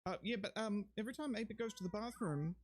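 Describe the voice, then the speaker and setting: Over background music, a live streamer talks fast in a high voice that sounds somewhat strained and sore. He rambles casually, cracks jokes, swears without restraint and shouts out viewers to thank them.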